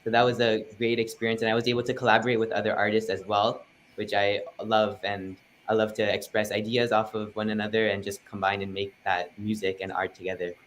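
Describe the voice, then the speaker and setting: A man's voice: on the low side, flat delivery, a little fast, hardly any pauses, a bit bright, a little hiss or hum. A teenage boy, a guest musician, answering interview questions politely and eagerly. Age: teens.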